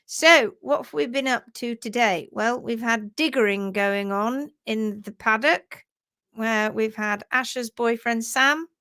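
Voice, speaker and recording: Chatty high-voiced woman hosting live. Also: unhurried, bright, forceful tone, clean tone. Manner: chatty, greets viewers by name, laughs often. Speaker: host of a horse hoof care livestream. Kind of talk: casual live chat. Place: home office.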